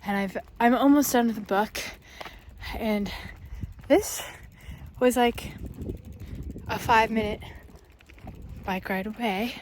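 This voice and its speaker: A young woman rambles and jokes at herself in a chatty vlog, a little out of breath as she talks. She records on a handheld phone outdoors in the countryside. Steady noise runs behind her voice. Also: a little high. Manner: rambling, chatty, self-deprecating. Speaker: book vlogger. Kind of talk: casual vlog chat.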